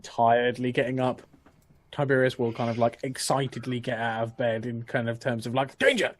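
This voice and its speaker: A man's voice: medium pitch, level tone, moderate pace. A man playing a tabletop game, chatting loosely with plenty of fillers. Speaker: player. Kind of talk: casual tabletop play.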